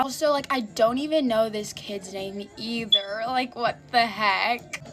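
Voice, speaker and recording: A woman's voice: fairly high pitch, steady tone, measured pace, few pauses. A teenage girl chatting casually into a phone about her school day, filling her talk with "like". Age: teens. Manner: chatty, lots of filler "like". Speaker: vlogger. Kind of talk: casual storytime chat. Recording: music playing behind. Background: music.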